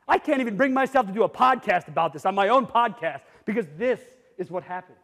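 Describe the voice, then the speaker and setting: A middle-aged man giving an energetic conference talk to a live audience, blunt and jokey, sometimes rising almost to a shout. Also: very high-pitched, a little fast, vocal fry, few pauses. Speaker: conference speaker. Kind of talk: energetic keynote presentation. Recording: reverberant hall.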